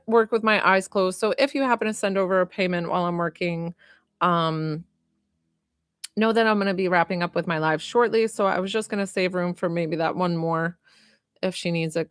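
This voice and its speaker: Gentle woman medium on a live stream. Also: fairly low pitch, no echo, studio quality. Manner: gentle, soothing, unhurried with frequent fillers. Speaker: medium and energy healer. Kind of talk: live-stream reading and healing session.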